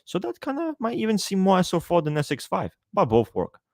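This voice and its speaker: A man's voice: high voice, huge pitch swings, brisk, darkish tone, no room sound, clean studio sound. A man hosting a casual livestream, greeting viewers by name and joking around with a lot of swearing. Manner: profane, joking, reads out viewer names. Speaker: livestream host.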